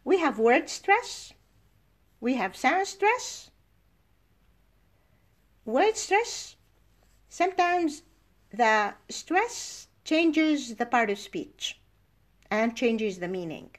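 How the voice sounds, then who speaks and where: A middle-aged woman whose first language is Arabic teaches a university class in a fairly high voice. She talks unhurriedly and explains each point step by step with examples. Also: big pitch swings. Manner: explanatory, gives slow worked examples. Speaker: university lecturer. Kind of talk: recorded lecture.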